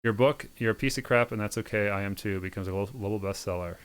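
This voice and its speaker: A game streamer races through a visual novel's on-screen text in a smooth, lowish voice. He stays sardonic and deadpan, tossing in quick mocking asides between lines.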